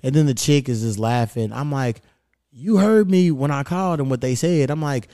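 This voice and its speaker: Profane storytelling man, dark dry voice. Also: medium pitch, moderate pace, no room sound. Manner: profane, animated storytelling with quoted exchanges. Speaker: podcast host. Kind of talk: casual chat, storytelling.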